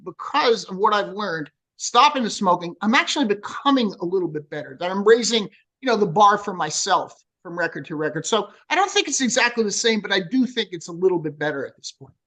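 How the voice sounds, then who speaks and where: A man's voice: high voice, poor audio. A man in his sixties with a New Jersey accent, a metal singer telling swearing-filled stories in a casual interview. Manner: profane, storytelling, animated.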